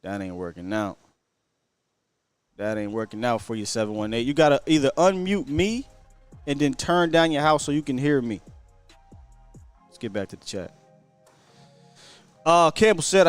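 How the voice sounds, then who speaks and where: A man hosting a live call-in show, his voice in a middle pitch with faint music underneath. He talks energetically in loose slang and trips into quick restarts as he goes. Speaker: host.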